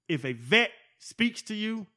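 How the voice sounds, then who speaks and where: A man in his forties, a former football player, telling profane, animated stories as a podcast guest. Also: sits high, measured pace. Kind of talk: casual storytelling.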